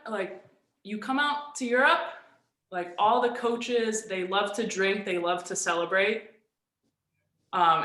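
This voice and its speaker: A young woman, a professional volleyball player, telling a story in a relaxed, chatty way with lots of "like". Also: mid-range voice, roomy sound. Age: young adult. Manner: animated storyteller, frequent "like". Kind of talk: casual storytelling on a video call.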